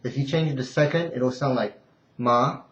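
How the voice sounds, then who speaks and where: A man teaching a language lesson unscripted, halting and restarting with fillers, then singing out tone examples. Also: mid-range voice. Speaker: Mandarin teacher. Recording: roomy, dull lo-fi home recording.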